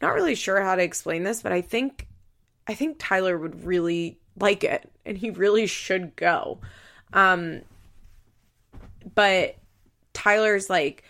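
A woman's voice: medium pitch, measured pace, creaky, fairly bright tone. A young woman hosting a podcast, chatting casually through a recap, with lots of "like" and acted-out quotes. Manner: chatty, uses "like" a lot, acts out quotes. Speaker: podcast host.

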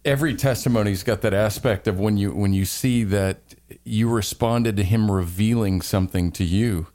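A man's voice: fairly low pitch, normal speed, darkish tone. A man co-hosting a casual conversation, earnest and playful with mock quotes.

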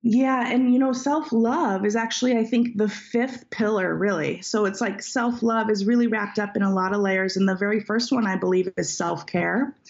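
A woman speaking with a gravelly, creaky edge at a middle pitch, sharing her story candidly and earnestly. The audio is dull and lo-fi. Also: normal speed, hardly any pauses. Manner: reflective, heartfelt, earnest. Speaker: author being interviewed.

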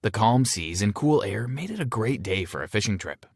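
A man narrating a first-person teen story with an expressive delivery. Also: lowish voice, normal speed, no room sound, studio quality.

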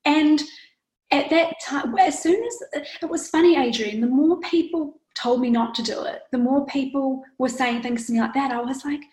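A woman fashion designer recounts her start with animated energy, speaking in a fairly high voice. The recording has a noticeable echoey room sound. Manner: animated storytelling, quick bursts. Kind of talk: casual interview.

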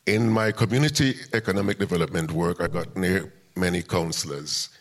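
An older man with a very low, deep voice talks as an interview guest. He tells a long story step by step and acts out what people said along the way. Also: a bit bright. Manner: recounts events step by step, acting out quoted dialogue. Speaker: music promoter and interview guest.

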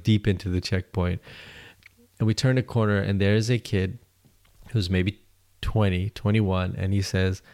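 A man's voice: low-pitched, creaky, a little mellow. A man hosting a podcast, telling a travel story in a rambling way with many fillers and restarts. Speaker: podcast host.

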